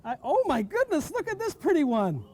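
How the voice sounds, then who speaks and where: A man's voice: extremely high pitch, huge pitch swings, fairly quick, warm tone. A man hosting a live stream outdoors on a farm, chatty and full of exclamations. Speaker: host. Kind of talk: live-streamed casual chat.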